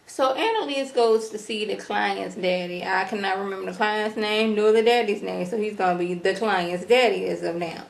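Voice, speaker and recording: A woman recapping a TV episode in an animated, slangy way, acting out characters as she goes. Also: medium pitch, moderate pace, vocal fry, hardly any pauses, reverberant, slight background noise. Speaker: TV episode reviewer. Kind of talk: casual TV recap vlog.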